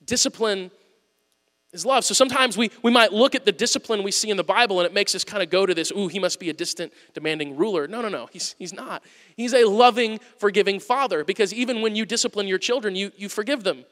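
A man preaching a conversational sermon, going from loud emphasis to quiet asides. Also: high-pitched, fast. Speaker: pastor. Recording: long hall reverb.

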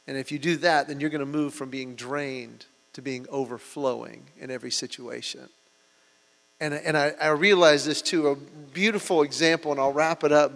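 Man preaching in a reverberant hall. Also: on the high side. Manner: storytelling, with lively acted-out quotes. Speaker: pastor. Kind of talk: sermon. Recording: hall reverb and mains hum.

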